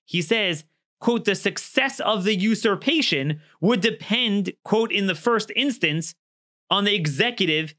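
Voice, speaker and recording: A bright, fairly high-pitched man delivers an emphatic opinion monologue. He argues his points hard and acts out both sides of imagined exchanges. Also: expressive, a little slow. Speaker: political commentator.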